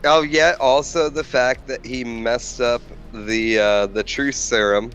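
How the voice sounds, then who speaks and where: A man's voice: mid-range voice, steady tone, slow pace, a bit bright, soft background music. A man arguing his side in a heated podcast debate, insistent and listing his points, often restarting words. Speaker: podcast guest.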